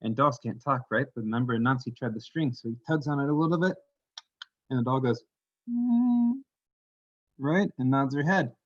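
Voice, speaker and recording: A man telling a folktale to a congregation in an animated, folksy way, with casual asides. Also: medium pitch, fairly quick, no room sound, highs cut off. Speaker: worship leader telling a story.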